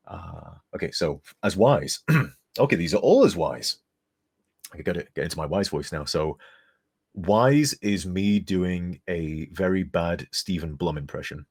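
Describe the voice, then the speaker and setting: Chatty low-voiced, husky man streaming. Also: expressive, a little slow, darkish tone. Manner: chatty, rambling, reads donor messages aloud. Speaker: streamer and modder. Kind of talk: casual live-stream chat.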